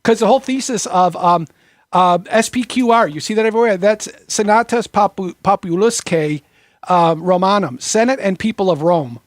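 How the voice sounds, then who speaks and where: A man in a casual group discussion, explaining history in a halting way with many fillers. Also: high voice, dry recording, studio quality. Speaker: discussion participant.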